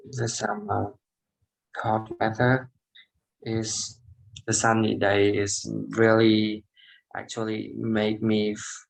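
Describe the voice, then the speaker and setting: A man's voice: fairly low pitch, creaky, rough recording. A man with a Vietnamese accent, a non-native English learner, answering a practice question in hesitant, broken phrases. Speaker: English student.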